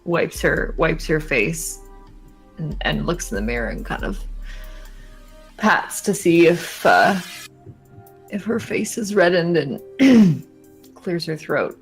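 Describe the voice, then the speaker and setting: A woman describes her character's actions in a tabletop game, speaking slowly and hesitantly with many fillers. Her voice is fairly low for a woman, and faint music plays behind it. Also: animated. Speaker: player.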